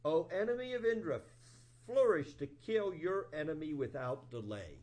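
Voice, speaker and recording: A man voicing a male priest who slowly and solemnly declaims a vengeful invocation. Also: on the high side, sing-song, darkish tone.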